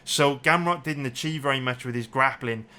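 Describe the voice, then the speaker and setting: An MMA betting analyst angrily breaks down a mixed martial arts fight round by round, swearing and repeating himself as he gets worked up. His mid-range voice has a sharp, smooth tone at a normal speed.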